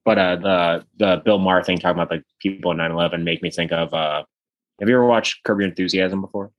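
A man co-hosting a podcast, chatting casually and retelling TV scenes with squeaky put-on voices. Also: fairly even intonation, fast, lo-fi sound. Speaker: podcast co-host. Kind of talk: casual chat.

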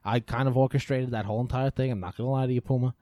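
A man's voice: medium pitch, fairly even intonation, racing, warm tone, dry recording, clean studio sound. A man in casual chat, bantering and joking with friends.

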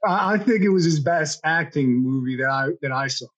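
A man's voice: on the high side, expressive, a little fast, a bit bright. A man in casual podcast banter, giving blunt, profane opinions with enthusiasm. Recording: dull, muffled mic.

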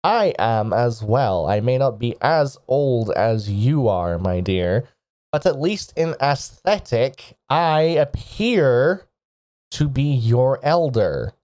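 A man puts on a proud, prim woman lawmaster in a tabletop game. She lifts her pitch and speaks slowly, talking down to others. The tone is mellow. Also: expressive. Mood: haughty. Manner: prim, patronizing.

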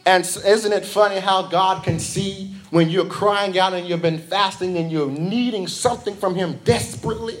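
A man preaching an impassioned evening sermon, swinging between loud calls and soft asides, drawing responses from the congregation. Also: sits high, moderate pace, hardly any pauses, a little hiss or hum.

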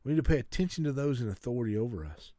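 Racing through a sermon, a man earnestly exhorts his congregation, frequently stammering and starting his sentences over. He has a medium-pitched, sing-song, dark voice, recorded at studio quality with no room sound.

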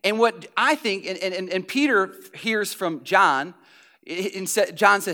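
A man's voice: sits high, very animated, unhurried, sharp tone. A pastor preaching a conversational sermon, repeating phrases for emphasis and often restarting his sentences.

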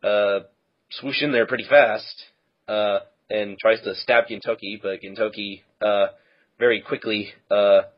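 A man's voice: lowish voice, steady tone, unhurried, muffled recording. A man co-hosting a podcast, casually recapping a manga chapter in a rambling, filler-heavy way. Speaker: podcast co-host.

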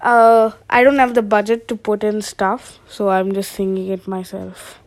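A woman's voice: medium pitch, steady tone, moderate pace. A young woman who hosts a casual, rambling comedic podcast monologue and laughs at her own jokes.

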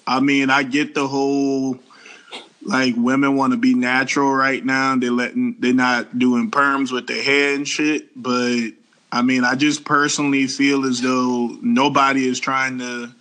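A man's voice: mid-range voice, level tone, measured pace, pushed and bright. A man co-hosting a casual group chat, blunt, profane and emphatic. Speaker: podcast co-host.

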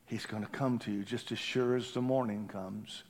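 A man preaching a sermon in a church, impassioned, swinging from hushed tones to shouting. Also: lowish voice, fairly even intonation, normal speed. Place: church building during a service.

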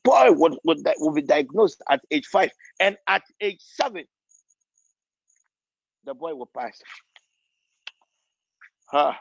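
A man leading a prophetic prayer session as pastor, pleading fervently and repeating phrases, rising to near shouts. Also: fairly high pitch, lively intonation, slow, gravelly, pauses often, dry recording, highs cut off.

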